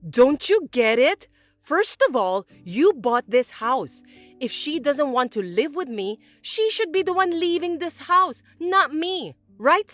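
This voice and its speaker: Shrill, overbearing older mother-in-law, voiced by a woman in an audio drama, nagging and accusing. Her voice sits high and swings widely through each line. Faint music plays behind her. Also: fairly bright tone, no room sound, exaggerated voice. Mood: indignant. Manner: accusing, nagging, self-pitying.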